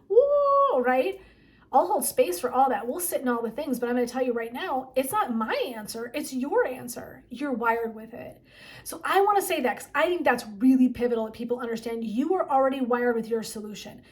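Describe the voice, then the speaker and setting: A woman speaks as a wellness coach and therapist, giving a motivational talk straight to her viewers. Her voice sits a bit higher than most, and her delivery is chatty and emphatic. She leans on "like" and keeps checking in with "right?". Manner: chatty and emphatic, frequent 'like' and 'right?'.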